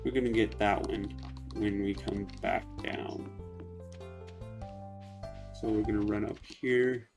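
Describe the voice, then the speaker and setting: Gravelly man chatting over gameplay. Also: lowish voice, slow, pauses often, over music. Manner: relaxed, chatty, hesitant. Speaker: let's play host. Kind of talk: casual gameplay commentary.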